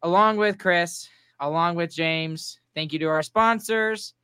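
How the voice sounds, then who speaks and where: A young man hosts a podcast, chatting loosely and breaking into laughter. His voice is bright and forward, sitting a little high. The sound is close and dry. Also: a little slow, clear, resonant tone, no room sound. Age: young adult. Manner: laughs easily, loose rambling delivery. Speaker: podcast host. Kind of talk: casual chat.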